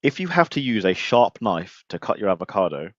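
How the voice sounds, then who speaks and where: A man's voice: lowish voice, big pitch swings, a little fast, no echo, lo-fi sound. A man hosting a casual live show, talking bluntly and animatedly and swearing freely. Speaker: podcast host. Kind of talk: casual livestream chat.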